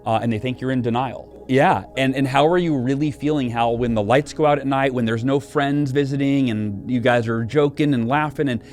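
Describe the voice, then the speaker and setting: Middle-aged guy telling his story in an interview, earnest, keeps restarting, mid pitch, faint music underneath. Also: moderate pace, hardly any pauses. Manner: earnest, animated retelling with frequent restarts. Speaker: interview guest.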